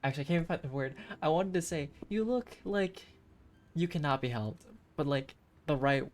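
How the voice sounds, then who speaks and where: A reluctant older-brother ranger with a low, blunt, dismissive voice, as a woman puts him on. He stalls with stammers when he is cornered, and his lively ups and downs run through a game dialogue. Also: fairly quick.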